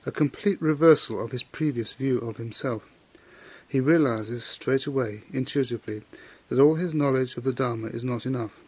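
A man at a middle pitch gives a Buddhist teaching and retells an old legend, pausing to comment on its lesson. His voice sits close and dry, with no room sound around it. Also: darkish tone, slightly rough, dry recording. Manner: measured storytelling with moral comment. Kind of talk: Dharma talk retelling a legend.

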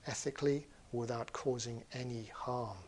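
A man plays a calm, gentle sage who answers in a quiet and measured way. his voice sits at a middle pitch. he sounds like a wise teacher in a storybook tale. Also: noisy background, natural voice.

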